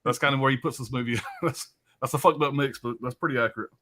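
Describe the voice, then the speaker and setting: A man talking quickly in a middle register as he hosts a live stream. His chat is loose and rambling, full of swearing and fillers. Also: mid-range voice, sharp tone. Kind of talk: casual chat about films.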